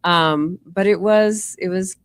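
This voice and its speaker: Lady, middle-aged, low pitched, chatty with lots of "you know", dry close sound. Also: slow, no room sound. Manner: chatty, warm storytelling with fillers like "you know" and "um". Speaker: nurse practitioner and cancer survivor, guest. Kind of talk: casual interview storytelling.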